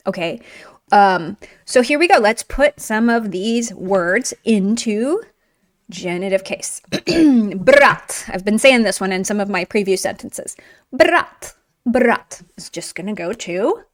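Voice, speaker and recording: A woman's voice: medium pitch, a little slow, dry recording, studio quality. A woman teaching a video language lesson in an upbeat, encouraging, chatty way while writing on a board.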